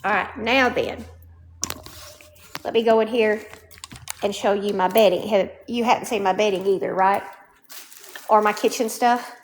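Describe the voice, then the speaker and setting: A woman's voice: medium pitch, fairly even intonation, normal speed, pauses often, a little hiss or hum. A woman giving a casual show-and-tell of her home furnishings, chatty and often checking in with the viewer. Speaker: home vlogger. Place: indoors at home.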